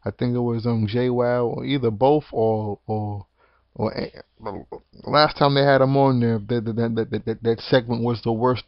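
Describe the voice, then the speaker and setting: A man's voice: medium pitch, fairly even intonation, moderate pace, no room sound. A man delivers an expletive-heavy wrestling rant that wanders and restarts constantly. The recording sounds dull and lo-fi, with a dry, close feel and no room sound. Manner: rambling, frequent swearing and restarts. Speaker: wrestling commentary vlogger. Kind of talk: profane ranting monologue.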